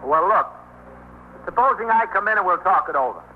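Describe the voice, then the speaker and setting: An actor playing a police sergeant who calmly gives orders and coaxes an armed man to open the door, in 1950s radio drama style. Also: sits high, a little fast. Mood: coaxing. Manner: calm, firm, coaxing. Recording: tinny old radio broadcast with faint hiss.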